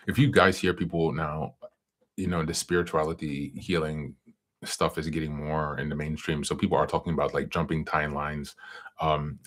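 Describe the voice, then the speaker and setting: Deep-voiced man rambling on self-help. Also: a bit bright. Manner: rambling, frequent fillers and "you know". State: hiccuping. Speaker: podcast host. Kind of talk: casual self-help talk and book reading.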